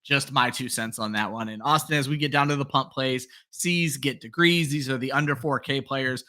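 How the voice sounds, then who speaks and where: A man's voice: medium pitch, normal speed, bright, forceful tone. A man co-hosting a fantasy football show, talking in a friendly, casual way and turning to the audience now and then. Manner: friendly, addresses the audience as folks. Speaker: co-host.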